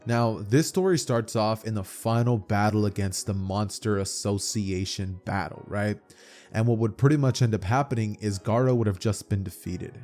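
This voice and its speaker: Young man, casual chatty story narration, mellow voice, faint music. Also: on the low side, normal speed.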